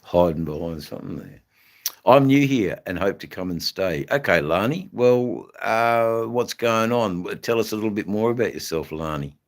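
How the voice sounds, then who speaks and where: A Western Australian man hosting a casual motorcycle live stream, rambling and halting with many fillers. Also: fairly low pitch, lively intonation. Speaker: motorcycle channel host. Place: indoors in front of a flag backdrop. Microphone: phone.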